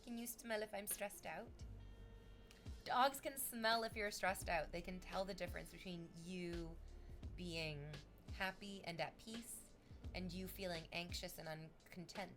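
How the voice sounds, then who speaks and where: A woman streaming live in relaxed, casual chat, swearing freely and reading viewer comments aloud. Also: lowish voice, unhurried, soft background music. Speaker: livestreamer.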